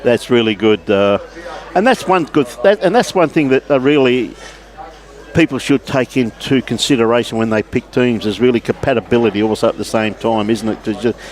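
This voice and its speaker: A man's voice: mid-range voice, fairly quick. A man with an Australian accent giving casual live commentary on lawn bowls outdoors at a club, chatting and greeting viewers by name.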